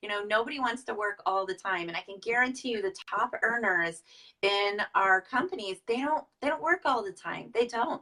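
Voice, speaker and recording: A woman in her thirties talks through business tips in a chatty, easygoing way, full of fillers and restarts. Her voice sounds bright and crisp. She is picked up from a distance, away from the microphone. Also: mid-range voice. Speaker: Tupperware director. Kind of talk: casual business advice talk.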